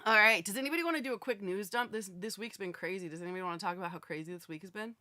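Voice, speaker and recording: A young woman hosting a live online chat show, talking casually and animatedly, quick to laugh. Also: mid-range voice, bright, forceful tone, no room sound. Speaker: host.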